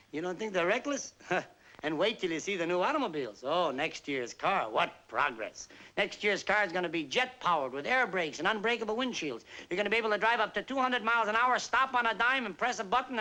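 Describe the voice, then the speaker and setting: A man's voice: on the high side, sharp tone, low-quality recording. An actor playing a self-mocking male entertainer just home from army service, telling a wry story with comic timing in a 1950s film stand-up monologue. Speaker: stage entertainer.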